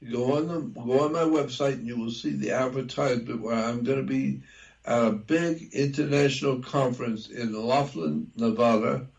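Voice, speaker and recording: A man speaking as an interview guest, talking deliberately and repeating key details for emphasis. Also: medium pitch, gravelly, darkish tone, muffled recording. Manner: spells out words letter by letter. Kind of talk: conversational interview.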